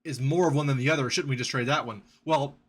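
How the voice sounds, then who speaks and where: A man hosting a podcast, casually explaining trading basics in an animated, storytelling way. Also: medium pitch, fast, slightly rough. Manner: storytelling, animated with sound effects and quoted voices.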